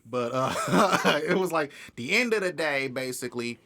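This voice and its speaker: A young man speaks as a guest in a casual interview, his voice bright and forceful. He tells his story in an animated way, laughing often and acting out what other people said. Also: a little high, a little slow, gravelly. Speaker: independent music artist, guest.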